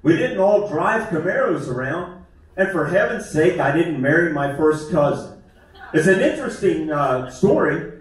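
A man's voice: a little high, lively intonation, moderate pace. Echoey man doing stand-up. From West Virginia. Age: 50s. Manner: folksy, self-deprecating, conversational. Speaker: stand-up comedian. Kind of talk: stand-up comedy set. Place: small theater stage. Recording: echoey theater, mic far off. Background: audience laughter.

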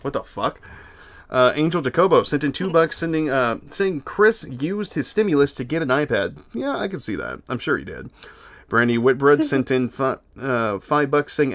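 A man in the middle of the male pitch range hosts a casual livestream. He reads viewer messages aloud in a laid-back, crude way. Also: animated, moderate pace, fairly bright tone. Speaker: livestream host. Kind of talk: casual livestream chat reading donations.

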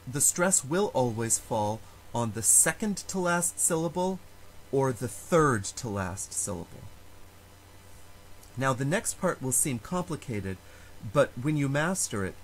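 Man explaining Latin, lively and careful. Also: mid-range voice, slight background noise, poor audio. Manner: slow, careful explanation with spoken examples. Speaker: Latin teacher. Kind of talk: recorded lecture.

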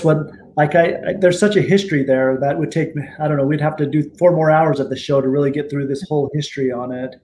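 A middle-aged man talks as a guest in a casual interview, wandering through his stories with plenty of fillers and restarts. His voice sits a little on the high side for a man. A faint hiss is heard behind him. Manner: relaxed, rambling, frequent fillers and restarts. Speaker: guest attorney and tribal judge.

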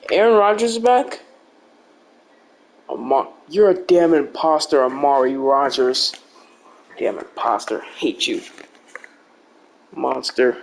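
Young man, casual gameplay commentary, unhurried delivery, joking, blunt, rambling. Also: medium pitch, creaky, a little hiss or hum. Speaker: gaming video creator.

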